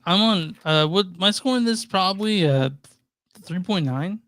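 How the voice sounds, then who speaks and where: A man from Texas and Louisiana co-hosting a movie podcast, halting and repeating words as he talks. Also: high-pitched, animated, fairly bright tone, no echo. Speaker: movie review podcast co-host. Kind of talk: casual chat.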